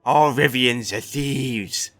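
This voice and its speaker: A man voicing an aggressive pockmarked tavern thug who shouts and threatens. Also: medium pitch, takes it slowly, pitched above the performer's own voice. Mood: hostile. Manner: menacing, shouting.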